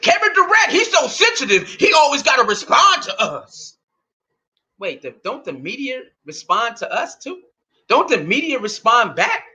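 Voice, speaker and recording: A man's voice: extremely high pitch, very animated, moderate pace, bright, forceful tone. A man in his thirties hosting a heated solo sports rant, indignant and profane, firing off rhetorical questions. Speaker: sports talk host.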